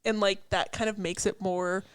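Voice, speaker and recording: A young woman in casual podcast chat, chatty and loose, leaning on "like" fillers and quick laughs. Her voice sits at a middle pitch and sounds close and dry, with no room around it. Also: flat delivery, clear, resonant tone, no echo. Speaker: podcast co-host. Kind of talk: casual chat analyzing song lyrics.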